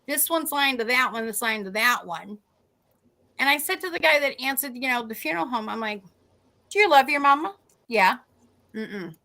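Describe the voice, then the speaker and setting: Middle-aged woman spinning a story on a podcast, does little voices for everyone she quotes, bright forward tone. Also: fairly high pitch, lively intonation, brisk, creaky. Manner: acts out quoted people in dialogue. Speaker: guest telling a paranormal story.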